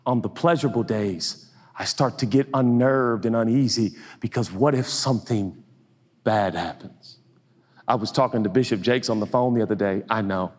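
A middle-aged male pastor preaching a lively sermon, self-mocking and animated, often jumping into high silly voices for comic asides. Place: church auditorium. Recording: long reverb of a large hall.

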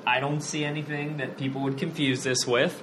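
A man's voice: mid-range voice, level tone, fairly quick, background noise. A young man in a casual podcast chat, chiming in with short reactions. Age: young adult.

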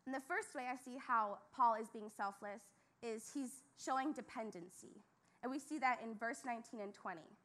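A woman's voice: on the high side, bright, forceful tone. Chatty young woman giving a casual sermon. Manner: chatty, self-mocking, lots of "like". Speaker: youth speaker. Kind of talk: casual sermon with personal story.

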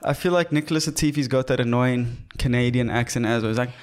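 A man's voice: medium pitch, fast, smooth. Joking, swearing man. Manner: joking, animated, swears freely. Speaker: podcast co-host. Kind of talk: casual chat.

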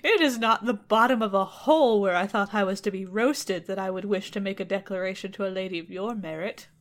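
A woman's voice: mid-range voice, fairly quick, natural voice. A woman reading the lines of a vain, arrogant young king in a comedic retelling, indignant and full of himself. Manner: indignant, self-regarding.

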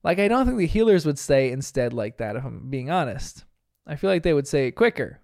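A young man from New Jersey talks through a cartoon episode in a casual, chatty way, laughing often at his own asides. His voice sits a bit high and sounds smooth and clean. The recording is dry and close, with no room sound. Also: big pitch swings, fairly quick, a little mellow, dry recording. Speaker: podcast host reviewing a cartoon.

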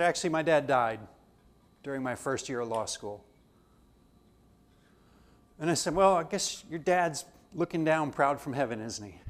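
Man lecturing a class, conversational. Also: a little high. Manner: conversational, acts out dialogue in anecdotes. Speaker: theology lecturer.

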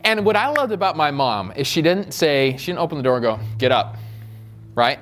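A man's voice: fairly high pitch, big pitch swings, quick pace, a bit bright. A male pastor giving a sermon, chatty and joking at first, then building into fervent, repeated calls.

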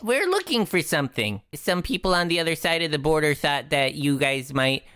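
A woman's voice: low-pitched, sing-song, fairly quick, a bit bright, dry recording, studio quality. A woman playing a tabletop game, joking and bantering in character. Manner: bubbly, jokey in-character banter. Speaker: player. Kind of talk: casual tabletop role-play.

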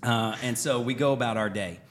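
A middle-aged man co-hosting a podcast, casually telling a story in an animated way, laughing and acting out quoted lines. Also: mid-range voice, brisk. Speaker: podcast co-host.

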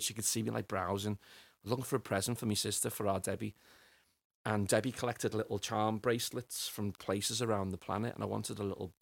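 Middle-aged guest, gravelly husky low voice, rambling storyteller, dry close mic. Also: male voice, no room sound. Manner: rambling, repeats words while finding them. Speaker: podcast guest. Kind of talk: personal storytelling interview.

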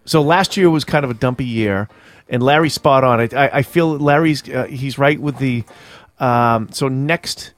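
A man hosting a podcast in casual chat, animated and jokey, often stammering and laughing. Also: medium pitch, moderate pace, soft background music. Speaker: podcast host.

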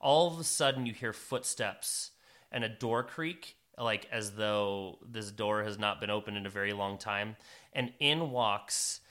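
A man's voice: lowish voice, fairly even intonation, fairly bright tone. A man narrating a tabletop fantasy game as game master, dramatic with some fillers. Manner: dramatic, with fillers and slow emphatic phrases.

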